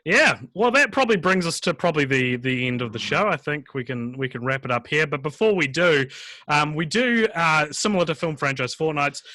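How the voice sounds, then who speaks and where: A New Zealand man hosts a casual film podcast over a video call. His voice is bright and forward, his sound dry and close, and he rambles, restarts and laughs as he talks. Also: on the high side, lively intonation, a little fast, no echo. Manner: rambling, self-interrupting, laughs often. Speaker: podcast host.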